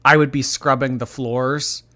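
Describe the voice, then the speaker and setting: A man's voice: mid-range voice, little pitch movement, unhurried, sharp tone. A man hosting a casual reaction commentary, blunt and sarcastic as he talks over clips. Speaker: commentary host.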